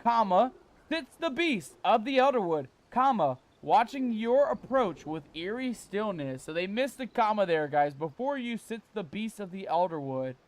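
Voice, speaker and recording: High-pitched playful pirate-talking male streamer. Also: big pitch swings, normal speed. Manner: playful pirate-talk, reads game text aloud; laughs often, exclaims loudly. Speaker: streamer playing a game. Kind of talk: live-stream game commentary.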